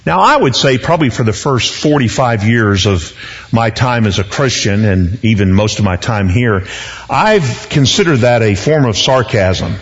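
A man's voice: on the low side, lively intonation, normal speed, highs cut off. Folksy male preacher teaching verse by verse. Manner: conversational, jokey asides, repeats words. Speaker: pastor. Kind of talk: expository sermon.

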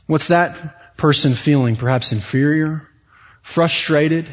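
Preacher with hall reverb, dull sound. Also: male voice, slow pace. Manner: swings from hushed to loud, rising high when acting out inner voices. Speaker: pastor. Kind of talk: sermon.

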